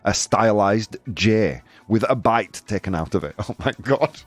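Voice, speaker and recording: This is a UK man with a lowish voice whose pitch swoops wildly, speaking slowly as he hosts a casual live-stream. Chatty and sarcastic, he reads out viewer comments and laughs at his own jokes. The recording is dry, with faint music behind and an air conditioner running in the room.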